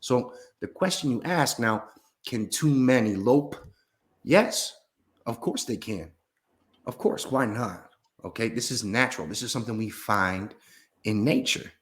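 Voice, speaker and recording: A man playing a grandiose, rambling mystic who muses slowly and solemnly in a comedy sketch. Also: medium pitch, expressive, fairly bright tone. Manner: slow, solemn pseudo-scientific musing, drawn-out pauses. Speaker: guest in a parody interview.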